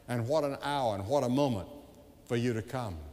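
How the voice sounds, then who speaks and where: A man's voice: mid-range voice, moderate pace. Man preaching emphatically in a big hall. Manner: emphatic, rising to loud appeals. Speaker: evangelist preacher. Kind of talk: stadium revival sermon. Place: large arena crowd event. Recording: long hall reverb, live event.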